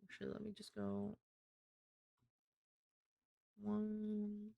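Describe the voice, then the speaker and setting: A woman's voice: mid-range voice, completely flat delivery, drawn-out words, vocal fry, dark tone, no room sound. A woman streamer chatting casually and thinking aloud while she draws. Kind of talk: casual live-stream chat while drawing.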